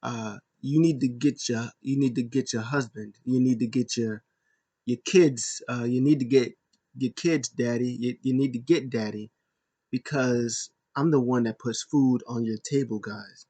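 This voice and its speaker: A man's voice: medium pitch, fairly even intonation, measured pace, dark tone, husky. A man doing a boastful, threatening wrestling champ. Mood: commanding.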